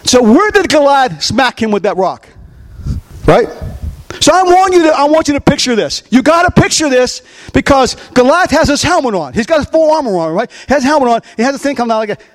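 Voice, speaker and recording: A man preaching a sermon, animated and questioning his congregation as he acts out scenes. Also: very high voice, fairly quick. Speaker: pastor.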